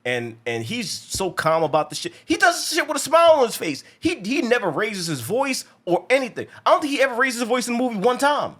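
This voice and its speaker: A man's voice: extremely high pitch, big pitch swings, fairly quick, hardly any pauses, a bit bright. A man hosting a movie review show, casually recapping a film with lots of restarts and profanity. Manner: rambling, many restarts, acts out quotes. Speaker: movie review podcast host.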